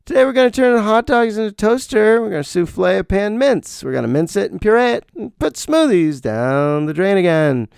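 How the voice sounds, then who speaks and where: A frazzled, manic female celebrity chef, as a man puts her on rattles through cooking-show patter in a chirpy, breathless run. The voice sits higher than a plain male voice and bounces up and down. It carries a gravelly edge under the brightness. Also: sing-song, a little fast, hardly any pauses, no echo, studio quality, exaggerated voice.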